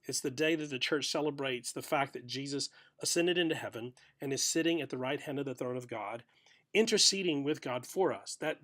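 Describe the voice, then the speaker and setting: A middle-aged man giving a short, reflective sermon for a video podcast, telling a story gently with pauses. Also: mid-range voice. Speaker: pastor.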